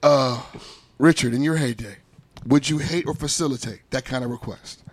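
A man's voice: mid-range voice, moderate pace. A man co-hosting a podcast, casual crude chat, teasing his friends and laughing often. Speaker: podcast co-host.

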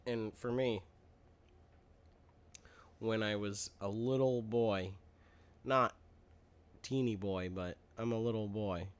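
Man, low voice, smooth and resonant, rambling playful storyteller, casual podcast chat. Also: steady tone, slow, pauses often. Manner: rambling, playful storytelling with mock-childish exaggeration. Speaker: podcast co-host.

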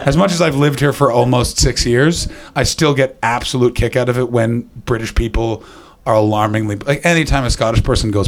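A man's voice: mid-range voice, expressive, measured pace, long pauses, a loud crowd. Laughing stand-up comedian man. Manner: rambling anecdotes, laughing at own jokes. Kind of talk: stand-up set. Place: comedy venue with live audience.

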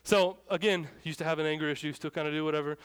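A man's voice: on the high side, steady tone, quick pace, smooth. A young adult man preaching a sermon in a casual storytelling way, acting out the lines of people in his story. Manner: casual, storytelling, acts out shouted dialogue. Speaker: pastor.

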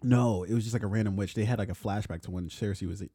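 Low, mellow-voiced man in casual chat. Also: fast talker, slightly rough, dry recording. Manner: laid-back, swears freely, laughs often. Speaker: podcast co-host.

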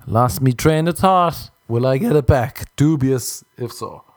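A man's voice: medium pitch, measured pace, no echo. A young Irish man rambling through crude, jokey stories in a casual comedic monologue. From Ireland.

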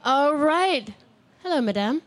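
A woman's voice: high-pitched, animated, a little slow. A woman hosting a word game at an outdoor live radio broadcast, playful and upbeat. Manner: playful and upbeat, laughs often.

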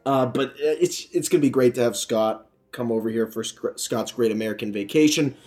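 A man's voice: mid-range voice, normal speed, darkish tone, soft background music. A young man co-hosting a casual podcast, rambling and laughing easily. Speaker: podcast co-host.

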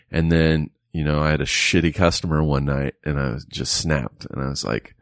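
A middle-aged man in casual chat, telling a profane, animated story as a podcast co-host. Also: very deep voice, normal speed, few pauses, dry recording, studio quality.

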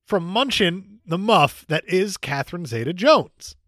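A man's voice: high-pitched, very animated, a little slow, a bit bright, dry recording, clean studio sound. A man co-hosting a casual podcast, joking with crude banter and laughing a lot. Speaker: podcast co-host.

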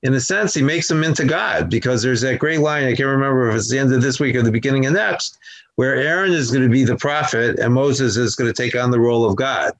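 A man's voice: mid-range voice, fast talker, rough recording. A man in a group study discussing scripture, reflective with a wry touch.

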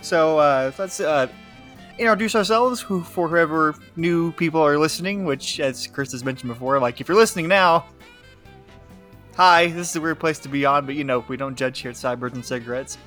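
A man hosting a casual podcast, talking in a relaxed way with fillers and laughs. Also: a little high, brisk, soft background music. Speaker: podcast host.

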